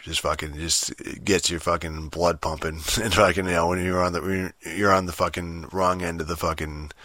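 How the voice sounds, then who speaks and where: A man's voice: rumbling low, fairly bright tone, no echo. A young man rambling through a casual, profane gaming rant, full of fillers and restarts. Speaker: gamer vlogger.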